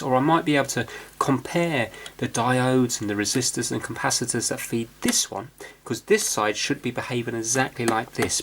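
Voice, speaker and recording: A man's voice: medium pitch, fairly bright tone, a little hiss or hum. A man hosting a repair video, explaining his work in a casual, rambling way with plenty of fillers and restarts. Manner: chatty, rambling, self-deprecating, many fillers and restarts.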